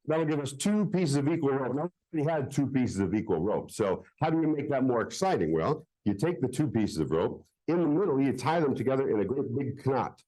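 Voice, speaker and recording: A man's voice: medium pitch, big pitch swings, brisk, hardly any pauses, warm tone, poor audio. A man performing a live magic show for children at a public library, joking playfully with the crowd.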